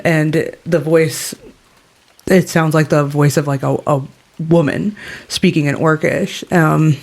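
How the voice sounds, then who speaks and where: A woman narrating as game master in a loose, chatty way with many fillers. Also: deep voice. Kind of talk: casual tabletop game narration.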